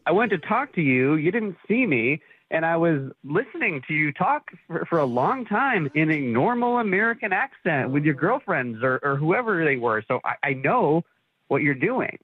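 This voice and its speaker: A man calls into a radio show, voice lively in pitch but stammering and fed up. The line sounds dull and dry. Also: moderate pace, slightly rough, no room sound. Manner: hesitant, stammering, exasperated. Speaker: caller confronting his nanny. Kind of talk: phone call on radio.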